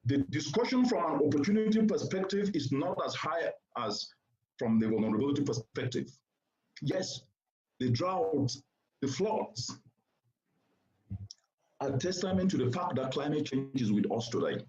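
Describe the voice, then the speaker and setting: A man's voice: fairly high pitch, lively intonation, moderate pace, long pauses, a little mellow. A man giving a formal keynote address to a seated audience, speaking in an oratorical, emphatic way and repeating points for stress. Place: conference venue before a seated audience. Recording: roomy, slightly dull sound.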